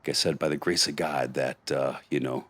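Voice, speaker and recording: A middle-aged man, a podcast guest, telling a rough street story in gritty, blunt talk. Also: rumbling low, steady tone, brisk, no echo. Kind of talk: storytelling in conversation.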